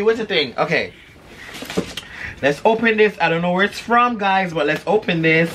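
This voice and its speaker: A woman co-hosting a vlog, excitedly unboxing gifts with lots of drawn-out oohs, and a little hoarse from losing her voice. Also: on the low side, noisy background. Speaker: vlog co-host. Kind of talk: casual unboxing chat.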